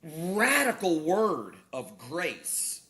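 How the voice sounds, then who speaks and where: A man's voice: fairly high pitch, drawn-out words. A male pastor and author, a guest on a talk show, preaching in a conversational way and telling illustrations with vivid acted-out dialogue and emphatic rises on key points. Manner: animated storyteller who acts out quoted dialogue.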